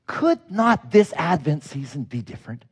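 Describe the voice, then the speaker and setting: A male pastor delivers a story-driven sermon, his voice swinging widely in pitch as he acts out the people in the story. He sits a little higher than most men and laughs now and then as he speaks. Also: normal speed, breathy edge. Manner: animated, acts out quoted people, breaks into laughs.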